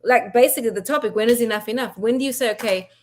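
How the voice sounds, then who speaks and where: A woman's voice: a little high, racing, a little mellow. Blunt woman venting on a podcast. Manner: blunt and heated, swears freely. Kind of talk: casual podcast discussion.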